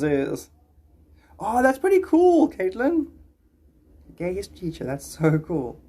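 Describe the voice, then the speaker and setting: A man's voice: fairly high pitch, a little mellow, husky. A man livestreaming casually, chatting in a rambling way and greeting viewers by name.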